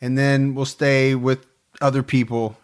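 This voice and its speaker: A man's voice: medium pitch, little pitch movement, clear, resonant tone. Conversational male true crime podcast host. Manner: conversational, quick to laugh. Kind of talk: casual chat.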